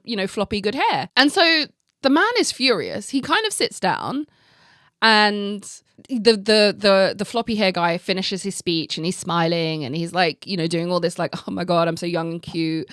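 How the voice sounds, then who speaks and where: A woman hosting a podcast, telling a story in a casual, animated way, full of "like" and acted-out reactions, with some casual swearing. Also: mid-range voice, no room sound, studio quality. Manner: animated, heavy use of "like", acts out her own reactions. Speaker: podcast host.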